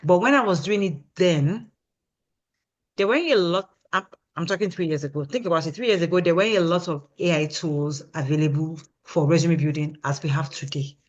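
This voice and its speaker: A woman's voice: on the low side, a little fast, muffled recording. A woman guest in an interview, a product consultant explaining her approach emphatically and often asking "you understand?". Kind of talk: casual interview answer.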